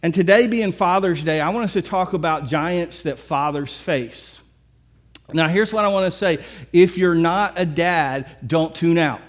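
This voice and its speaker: A man preaching a sermon, retelling a story with lively, acted-out dialogue. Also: fairly high pitch, measured pace. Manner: animated storytelling, acts out characters. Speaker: pastor.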